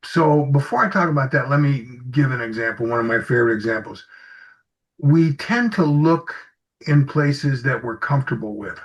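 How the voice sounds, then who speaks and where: Speaking at a moderate pace in a mid-range voice, a man interviewed as an executive coach relates anecdotes in a relaxed, conversational style, acting out parts of the dialogue. The sound is a bit muffled.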